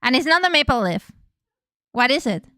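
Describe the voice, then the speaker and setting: A woman's voice: high-pitched, big pitch swings, moderate pace, bright, forceful tone, a little hiss or hum. A woman streamer who speaks natively, chatting casually and playfully on a live stream, swearing freely as she goes.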